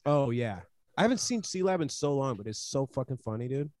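A man's voice: mid-range voice, animated, fairly quick, darkish tone, dry recording. A man co-hosting a podcast in casual chat, sarcastic and swearing freely. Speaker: podcast co-host.

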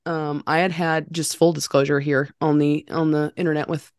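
A woman's voice: sits low, level tone, normal speed, clear, resonant tone, no echo, studio quality. A woman, telling stories in a casual chat with a self-deprecating, laughing manner. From North Carolina. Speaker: podcast guest. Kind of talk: casual conversational storytelling.

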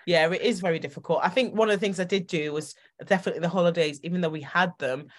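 A woman hosting a podcast, telling personal stories in an animated, emotional way with quick bursts of speech. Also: fairly low pitch. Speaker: podcast host. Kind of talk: casual interview chat.

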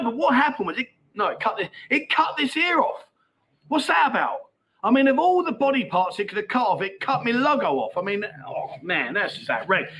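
Bright, high-voiced chatty man. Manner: chatty, cheeky banter, reads out viewer comments. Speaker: livestream host. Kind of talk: casual livestream chat.

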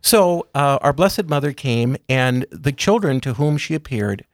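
Man guest, mid-pitched, calm explainer, unhurried lists; dry booth sound. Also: no echo. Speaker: guest speaker on religious topics. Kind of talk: calm explanatory interview talk.

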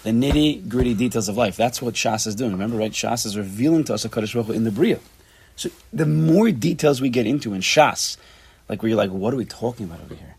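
With a fast delivery and a medium, slightly rough voice, a man runs a relaxed Torah class for a few people. His style is animated, full of repeated phrases and Hebrew and Yiddish vocabulary.

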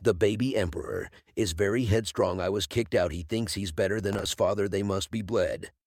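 A man voicing an arrogant, scheming young prince with a husky, sneering delivery in a fantasy story reading. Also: fairly low pitch, moderate pace, a little mellow, no echo, clean studio sound, pitched below the performer's own voice. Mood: mocking. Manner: sneering, mocking.

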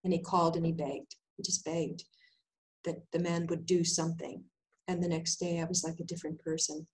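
A woman's voice: fairly low pitch, a little fast, rough recording. An older woman, a guest healer, telling a personal story in conversation and acting out the dialogue. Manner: animated, acts out dialogue in voices.

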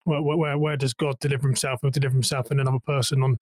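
A man's voice: mid-range voice, little pitch movement, rapid-fire, darkish tone, no room sound. A man hosting a podcast, asking rambling interview questions and repeating words as he forms them. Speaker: podcast host. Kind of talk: conversational interview.

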